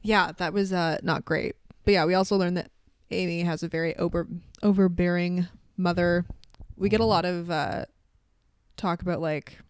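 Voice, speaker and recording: A chatty woman hosts a podcast and chats casually about a TV episode. Her voice sits a little low. The recording is dry and close, with no room echo. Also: fairly even intonation, normal speed, clean tone. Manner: chatty, laughs often, quotes characters. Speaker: podcast host. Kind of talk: casual chat recapping a TV episode.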